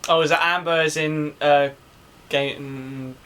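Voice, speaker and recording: A man's voice: on the high side, steady tone, unhurried, a bit bright, a little hiss or hum. A young man, co-hosting a podcast, chatty and playfully insulting his friend. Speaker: podcast co-host. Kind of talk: casual banter.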